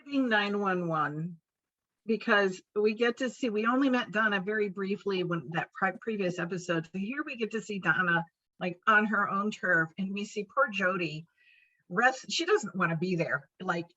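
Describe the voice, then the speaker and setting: A woman's voice: mid-range voice, animated, normal speed, bright, forceful tone. A woman guest on a fan panel, talking enthusiastically and rambling with many fillers. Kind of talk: casual panel discussion. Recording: lo-fi call audio.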